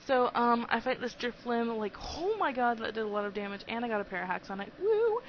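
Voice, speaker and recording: A woman's voice: fairly high pitch, expressive, fast, muffled recording, slight background noise. A young woman in her twenties narrating a video game playthrough in casual, rambling commentary, giggly and hyper. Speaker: let's play host.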